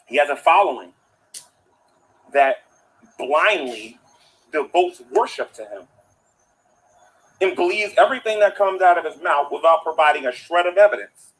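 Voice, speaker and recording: A man's voice: a little high, animated, a little slow, long pauses, fairly bright tone, rough recording. Preachy, indignant man ranting into his phone. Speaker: online commentator.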